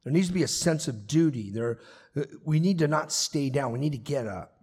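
Man, pastor, earnest sermon, raspy voice, slightly high pitch, echoing church hall. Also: expressive, normal speed, a little mellow. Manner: earnest, emphatic preaching with repeated phrases. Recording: long reverb of a large hall.

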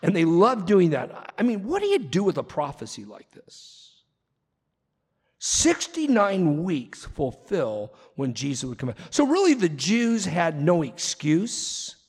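A man preaching a sermon as pastor, animated and quick with asides and acted-out quotes. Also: on the high side, husky. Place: church sanctuary. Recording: long reverb of a large hall.

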